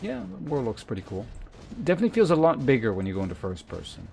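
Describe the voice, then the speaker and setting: A young man streaming a game, musing in casual, relaxed commentary. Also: medium pitch, fast talker, gravelly. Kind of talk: casual let's-play commentary. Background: faint game music.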